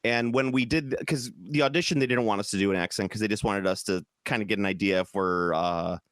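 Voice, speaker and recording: A man from the American Midwest co-hosting a casual gaming podcast, talking in an animated, profane, jokey way. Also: lowish voice, fast talker, no echo, clean studio sound. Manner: animated, profane, jokey, slips into mock British voices. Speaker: podcast co-host. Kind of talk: casual chat.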